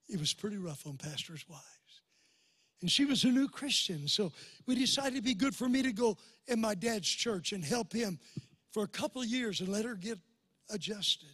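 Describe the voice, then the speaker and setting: An older man preaching a sermon in a large church, telling a personal story and building to loud, impassioned climaxes. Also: sits high, slightly rough, no room sound, studio quality. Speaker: pastor. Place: large church before a crowd.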